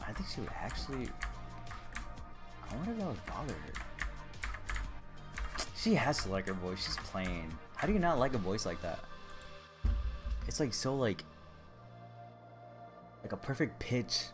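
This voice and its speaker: A young man chatting casually while he plays a game on stream, rambling and excitable, teasing the people he talks to. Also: mid-range voice. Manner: rambling, excitable, quick to tease. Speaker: gaming streamer. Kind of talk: casual chat while gaming. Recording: stream with music playing under the voice. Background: game music and keyboard typing.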